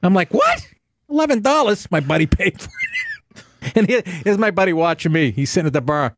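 A man's voice: on the high side, fairly quick, noisy background. A man hosting a call-in radio show, telling raunchy stories with lots of laughter and swearing. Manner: animated storytelling, laughs often, swears. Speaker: host. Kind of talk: casual call-in radio chat.

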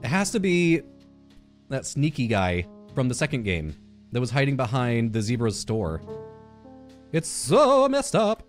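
A man giving playful, excitable commentary over a video game playthrough, joking with his viewers. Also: mid-range voice, unhurried, long pauses, faint music behind. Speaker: gaming YouTuber. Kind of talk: let's play commentary.

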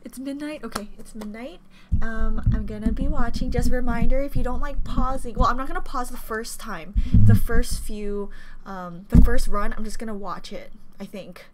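A woman hosting a live reaction video, very expressive and excitable, gasping and squealing as she talks. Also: a little high, moderate pace, very noisy. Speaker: reaction channel host. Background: loud music playing.

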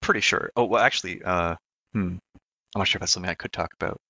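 Low bright-voiced man chatting casually. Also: fast, gravelly, husky, no echo. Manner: relaxed, hesitant, laughs often. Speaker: game developer guest. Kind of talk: casual podcast chat.

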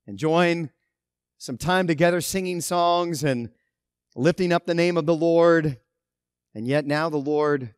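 Guy pastor preaching, kinda high voice, dry close mic, gets loud then drops soft. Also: no echo. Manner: emphatic, swinging between loud stresses and quiet asides. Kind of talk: sermon.

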